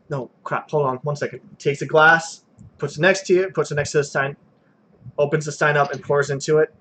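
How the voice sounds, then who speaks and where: A man's voice: fairly high pitch, steady tone, fairly quick, fairly bright tone. A man narrating a tabletop game as game master, loose and chatty, with filler words.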